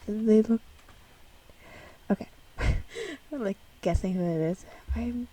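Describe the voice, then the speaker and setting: A young woman chatters through a music video reaction, giggling often and rambling with fillers. Her voice has a breathy, slightly husky edge and sits a little back from the microphone, in a plain room at home. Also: fairly high pitch, lively intonation, takes it slowly, warm tone, far from the mic, low-quality recording.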